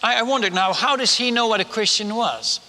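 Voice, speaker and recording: His voice sitting high and moving a little fast, a missionary preacher shares a personal anecdote from the pulpit in an animated, talkative way. He keeps restarting his sentences and asks the listeners questions, all in an echoing hall.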